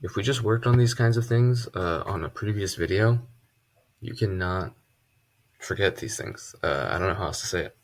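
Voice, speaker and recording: A man teaching a casual math lesson at a board, relaxed and chatty, with joking asides. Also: low-pitched, normal speed. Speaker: math tutor.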